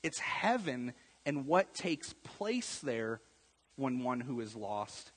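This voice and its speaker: Husky-voiced preaching man in reverberant hall. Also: medium pitch, sing-song, slow. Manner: preachy, rising to emphatic bursts. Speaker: pastor. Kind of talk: sermon.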